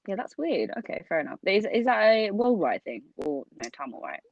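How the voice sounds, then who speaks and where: A young woman co-hosting a podcast, telling stories in an animated, laughing way. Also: mid-range voice, fairly quick, vocal fry, dry recording, muffled recording. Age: young adult. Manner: animated storyteller, laughs often. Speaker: podcast co-host. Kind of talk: casual storytelling chat.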